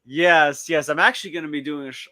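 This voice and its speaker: A man chatting casually as a guest, animated and often stammering over his restarts. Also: on the high side, fast talker. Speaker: guest, streamer and school counselor. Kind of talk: casual chat.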